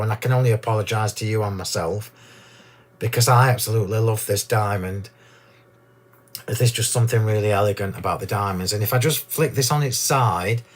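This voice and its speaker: A man hosting a card-making demonstration, chatty and gushing, a little hoarse from losing his voice. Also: medium pitch. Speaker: crafting demo host.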